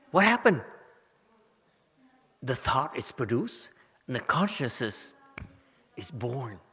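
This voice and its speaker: A man teaching a Buddhist dharma lecture, animated and teasing, with many rhetorical questions to his listeners. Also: mid-range voice, husky. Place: temple lecture hall. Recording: hall reverb.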